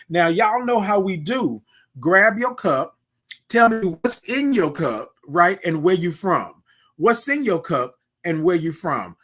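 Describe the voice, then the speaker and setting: A man with a notably high voice hosts a relaxed morning livestream. He chats easily with viewers and reads their comments aloud. He keeps tagging his lines with "right?" and "y'all.". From Houston, Texas. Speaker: host. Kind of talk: casual livestream morning chat. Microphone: desk microphone he can move aside.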